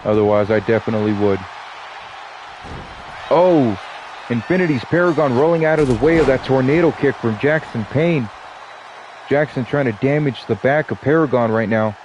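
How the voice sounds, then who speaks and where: A man's voice: medium pitch, moderate pace, long pauses, muffled recording, noisy background. Stuffy-nosed man calling wrestling. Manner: casual, joking asides between calls. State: stuffy nose. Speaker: play-by-play commentator. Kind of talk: wrestling commentary.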